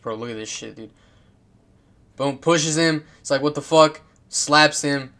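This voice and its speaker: A man's voice: mid-range voice, unhurried, pushed and bright. A man casually commenting on football clips, rambling and swearing, with lots of fillers, restarts and laughs.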